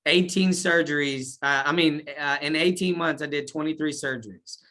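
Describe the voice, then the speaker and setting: A man's voice: on the high side, normal speed. A man recounting his life story in a casual interview, talking in slang and acting out what he said back then. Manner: animated, slangy, acts out his own past words.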